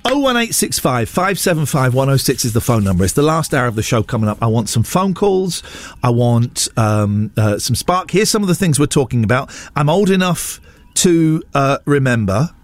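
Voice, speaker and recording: A man hosting a radio show in the studio, talking in an animated, ranting and self-mocking way. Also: mid-range voice, normal speed, dry recording. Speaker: radio host. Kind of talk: casual radio chat.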